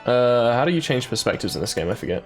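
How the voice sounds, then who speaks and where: Male let's-player, mid-pitched, chatty and self-mocking, faint soundtrack under him. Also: sing-song, fast talker. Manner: chatty, jokey, reads game text aloud. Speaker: gaming YouTuber. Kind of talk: casual let's-play commentary. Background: game soundtrack music.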